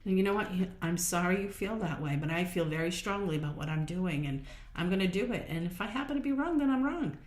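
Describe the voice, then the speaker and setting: This podcast host talks quickly and animatedly, with few pauses, her lowish voice bouncing around an echoey room. Her motivational solo episode is casual and upbeat in tone, and she performs small inner voices as she goes.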